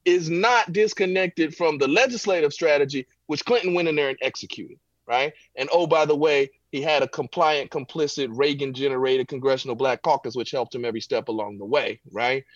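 A man's voice: fairly high pitch, a little fast, hardly any pauses, no echo, highs cut off. A man giving impassioned political commentary from home, emphatic and preacherly, with rhetorical "right?" tags. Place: home, backyard visible.

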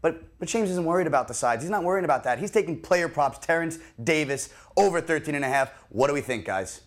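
A man's voice: fairly high pitch, expressive, quick pace. A man presenting producer picks on a sports radio show, rambling and self-deprecating. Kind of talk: casual on-air segment.

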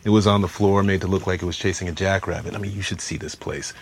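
An actor playing an offbeat federal agent with a dry, wry way of talking. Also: male voice, sits low, fairly even intonation, fast talker, background noise.

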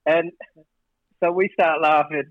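A man's voice: a little high, takes it slowly, no echo, narrow, tinny audio. A record producer telling studio stories in an interview, acting out the exchanges as he goes. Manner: animated storyteller, acts out studio exchanges. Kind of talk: storytelling interview.

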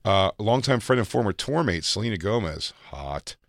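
A man's voice: fairly low pitch, expressive, normal speed, gravelly, no room sound, clean studio sound. A man co-hosting a casual comedy podcast, joking and reading news items aloud. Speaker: podcast co-host.

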